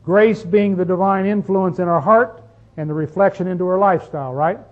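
A man with a high voice preaches a sermon, firing rhetorical questions at his listeners and stretching out the phrases he wants to land. The recording is dull and lo-fi. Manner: emphatic, rhetorical questions to the congregation; drawn-out stress on key phrases.

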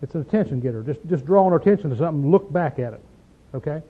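Folksy high-voiced preacher on a tinny line. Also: male voice, expressive, very fast. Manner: folksy, emphatic, asks rhetorical questions like "see?" and "okay?"; clears throat often. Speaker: preacher teaching a Bible study. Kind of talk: conversational Bible teaching. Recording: tinny phone-like sound.

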